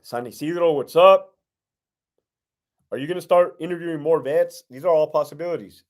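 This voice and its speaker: Here a middle-aged ex-prison lieutenant with a slightly high voice takes viewer questions on a casual live stream at a moderate pace. Expect blunt talk, plenty of cursing, and streetwise slang.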